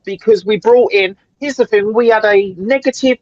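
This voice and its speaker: A man's voice: high-pitched, normal speed, a little mellow, highs cut off, a little hiss or hum. A man ranting heatedly in casual football chat, swearing and calling people bro. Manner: swearing, fired-up ranting, calls everyone bro. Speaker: guest streamer.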